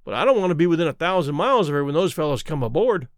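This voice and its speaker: Brief: man doing a breezy, blunt sailor, lively pitch, dry close sound. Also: very fast, no echo. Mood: cheerful. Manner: cheerful, matter-of-fact.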